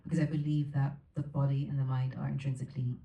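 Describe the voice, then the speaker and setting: A woman's voice: extremely low pitch, flat delivery, fast talker, warm tone, muffled recording. A woman as the featured guest at an onstage Q&A, answering in an earnest, reflective way and laughing easily. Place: theater stage before an audience. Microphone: recorded from the audience, far from the stage. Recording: echoey theater from far off, faint noise.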